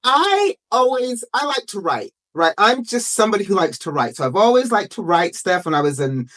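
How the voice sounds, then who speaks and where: A woman from Salt Lake City, a guest author telling a personal story in a lively, emphatic way. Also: mid-range voice. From Salt Lake City, Utah. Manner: lively, emphatic, quick to act out quotes.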